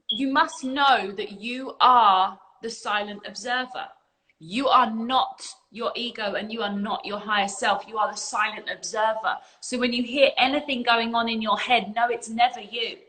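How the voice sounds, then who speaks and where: A woman leads a livestream spiritual talk in an earnest, emphatic way, with casual swearing thrown in. Her voice is bright and sits a little high. She speaks into a phone mic. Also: rough recording. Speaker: spiritual coach and community leader.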